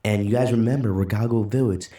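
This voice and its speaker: A man's voice: on the low side, quick pace, mellow. A man hosting a casual reaction video, recapping a manga chapter with loose fillers while holding back tears. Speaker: manga reaction channel host.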